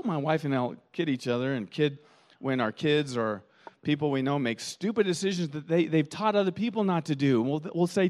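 Animated man preaching a sermon. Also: fairly high pitch, brisk. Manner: animated storytelling with quoted voices; repeats words while thinking. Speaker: pastor.

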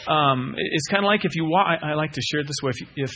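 Man pastor giving a sermon, keeps repeating his point, asks the crowd stuff, a bit high. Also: fast talker, bright, forceful tone. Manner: earnest, repeats key phrases, asks the room questions.

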